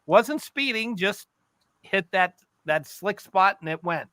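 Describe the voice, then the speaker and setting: Male co-host, jokey, animated storyteller; bright tone, dry mic. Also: sits high, slow, no room sound. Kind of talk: casual storytelling chat.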